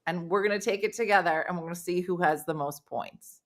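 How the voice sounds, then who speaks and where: A woman's voice: lowish voice, a little fast. A middle-aged woman hosting a casual chat, teasing her guest with playful questions. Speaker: host.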